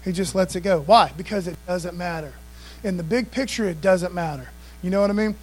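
A pastor whose voice sits high and a little mellow speaks slightly fast, preaching in a conversational style. He often calls for responses from the congregation, and the recording sounds rough.

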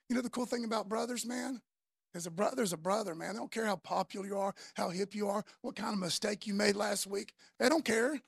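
A gravelly, husky man. He talks like he's chatting with friends, swinging from loud calls to hushed asides. The sound is dry and close. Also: sits high, brisk, dry recording. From Florida, US. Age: 50s. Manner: conversational preaching, says "man" often, swings between loud and soft. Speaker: pastor. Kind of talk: sermon.

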